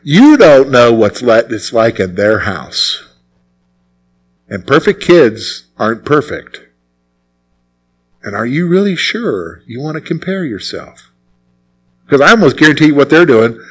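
A man's voice: mid-range voice, husky. A man preaching a sermon as pastor, exhorting his listeners and driving points home by repeating them. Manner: exhorting, repetitive.

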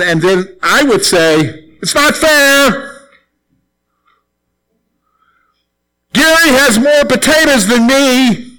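A middle-aged man preaches a sermon to his congregation. His voice sits a little high for a man. He keeps it conversational, repeats phrases and acts out little quotes. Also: fairly bright tone, rough recording. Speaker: pastor.

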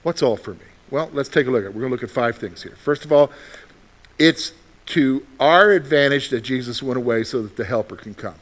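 A middle-aged pastor speaks a little fast in an animated, mid-range voice as he preaches. He swings from loud emphasis to quiet asides and asks the congregation rhetorical questions.

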